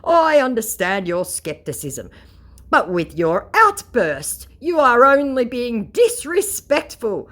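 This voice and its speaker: A boastful, insulting male con artist drawls his lines slowly, as a woman reads them aloud. The voice sits higher than her usual and leaps around in pitch. It sounds like a mocking imitation rather than a real man. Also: big pitch swings, fairly bright tone, full character voice. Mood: sneering. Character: rude male online scammer, boastful and insulting.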